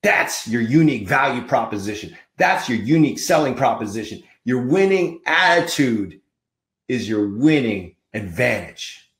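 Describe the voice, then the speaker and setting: A man's voice: mid-range voice, lively intonation, moderate pace, fairly bright tone, reverberant. A man hosting a podcast, giving an emphatic, fired-up motivational monologue with punchy repetition. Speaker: podcast host.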